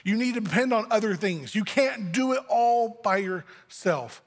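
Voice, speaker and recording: A man's voice: high voice, animated, moderate pace, in a large hall. A man preaching a sermon as pastor, talking in a conversational way and acting out little family dialogues. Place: church sanctuary.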